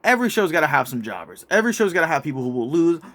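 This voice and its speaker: A young man casually narrating a made-up wrestling storyline in an excitable, profane play-by-play manner. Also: on the high side, racing. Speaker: show host narrating a toy wrestling storyline.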